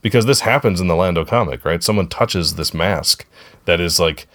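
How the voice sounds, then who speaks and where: A man with a very low, deep voice hosts a podcast in easygoing chat. He rambles, circles back and corrects himself mid-thought in a friendly tone. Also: normal speed, fairly bright tone. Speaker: podcast co-host. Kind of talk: casual chat.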